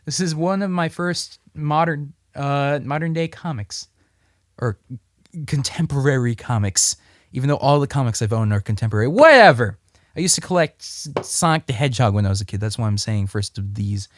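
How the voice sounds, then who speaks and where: A man's voice: mid-range voice, expressive, moderate pace, dry recording, clean studio sound. A man casually reviewing comic books on his vlog, rambling and throwing in crude jokes. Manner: rambling, joking, crude asides.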